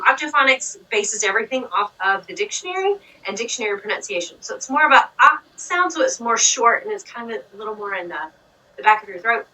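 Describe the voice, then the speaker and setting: A woman's voice: medium pitch, pushed and bright, distant mic, rough recording. A woman with a Southern US accent from Georgia, teaching a child phonics, patiently explaining and praising. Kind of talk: one-on-one reading lesson.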